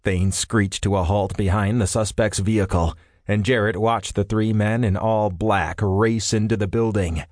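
A man narrates an audiobook in a steady, measured way, his voice on the low side. The studio sound is close and dry with no room echo. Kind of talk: scripted narration. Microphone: studio microphone.

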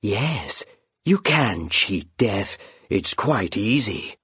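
A man voicing a slow, sinister phantom bird. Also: on the low side, very animated, a bit bright, breathy edge, no echo, studio quality, exaggerated voice. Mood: sinister coaxing. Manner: slow, silky, tempting. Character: sinister ancient male phantom bird, coaxing. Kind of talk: audiobook character voice.

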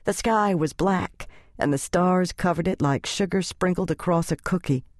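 A woman narrating an audiobook in gentle, measured storytelling. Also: lowish voice, no echo, studio quality. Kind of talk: scripted narration.

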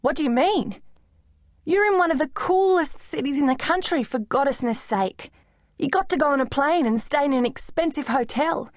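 A woman's voice: sits high, normal speed, dry recording, studio quality, pitched above the performer's own voice, lightly acted. A woman voicing a sleepy, blunt teenage girl talking to her best friend, weary and straightforward.

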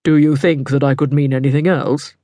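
Suave male cardinal, slow and condescending, read by a woman, dry close mic. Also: sits low, fairly even intonation, mellow, no room sound, voice pushed down, lightly acted. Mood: smooth, commanding. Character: suave, self-assured middle-aged male cardinal.

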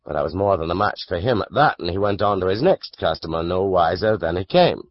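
A man narrating a classic novel as an audiobook, measured and expressive. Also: low-pitched, highs cut off.

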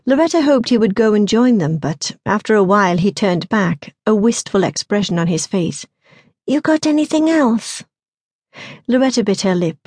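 A woman's voice: medium pitch, darkish tone, no echo. Woman reading a novel, dry and close. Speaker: audiobook narrator. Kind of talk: scripted narration.

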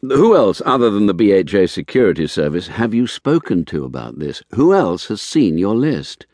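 A man's voice: on the low side, big pitch swings, normal speed, a little mellow, no echo, studio quality. A man voicing a weary, reluctant former male private investigator in an audiobook, terse and guarded. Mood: probing. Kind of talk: audiobook character voice.

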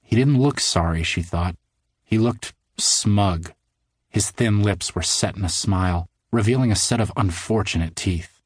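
Low-voiced man narrating a kids' book. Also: breathy edge, no room sound, clean studio sound. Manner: measured storytelling that slows for suspense. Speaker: audiobook narrator. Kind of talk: scripted narration of a children's book.

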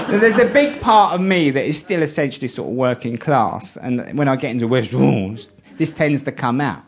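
A middle-aged comedian performs stand-up with wry, exasperated storytelling, his voice sitting a little high for a man. Loud audience laughter keeps breaking in throughout. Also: expressive, normal speed, creaky, heavy background noise.

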